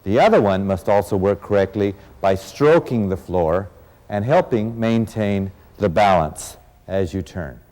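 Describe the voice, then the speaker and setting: A man's voice: on the low side, animated, measured pace, darkish tone, long reverb tail. A man teaching a dance lesson as an instructor, counting beats aloud and encouraging his students. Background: rumba music.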